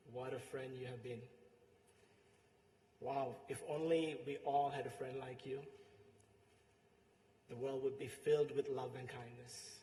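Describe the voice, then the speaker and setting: A man with a Sri Lankan accent delivering a eulogy, heartfelt and pausing, his voice trailing softly at the ends of phrases. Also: mid-range voice, slight background noise. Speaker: eulogist, friend and coworker. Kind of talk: eulogy speech with anecdotes. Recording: echoey hall with long reverb.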